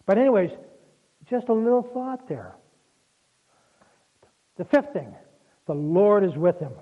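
Male preacher, high voice, conversational folksy sermon, tinny phone-quality recording. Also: big pitch swings, unhurried. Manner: folksy, conversational storytelling with asides.

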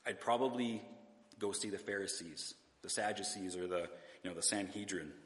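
A man's voice: sits low, normal speed, reverberant, in a large hall, slight background noise. A man preaching a sermon in a church, talking in a conversational way, asking the congregation rhetorical questions and sometimes restarting his words. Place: church sanctuary.

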